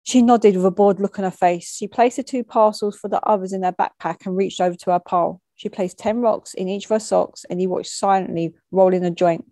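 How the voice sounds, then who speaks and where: Mellow woman reading a story. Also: medium pitch, fairly even intonation, dry recording. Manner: measured, matter-of-fact storytelling with street slang. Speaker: narrator. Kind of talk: reading a short story aloud.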